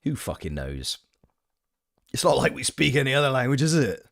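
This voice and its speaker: A man's voice: mid-range voice, very animated, normal speed, gravelly, fairly bright tone. A man chatting casually on a game stream, reading his chat aloud with playful, joking asides. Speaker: gaming streamer and voice actor.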